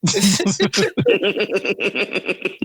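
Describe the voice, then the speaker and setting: A man's voice: sits high, huge pitch swings, drawn-out words, a bit bright, slight background noise. A man on a casual podcast, bantering brashly with profane jokes and frequent laughter. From Chicago. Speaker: podcast co-host. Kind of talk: casual chat.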